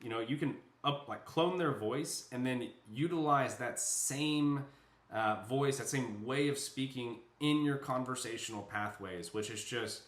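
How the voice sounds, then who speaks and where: A man giving a casual screen-share walkthrough of software, talking loosely with lots of fillers as he thinks aloud. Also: medium pitch, a little slow. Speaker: software demo presenter. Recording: echoey room.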